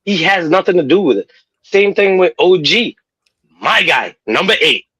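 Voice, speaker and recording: A man co-hosting a casual sports talk show, profane and animated, who keeps saying "know what I mean.". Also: high voice, moderate pace, breathy edge, no echo, rough recording. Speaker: podcast co-host.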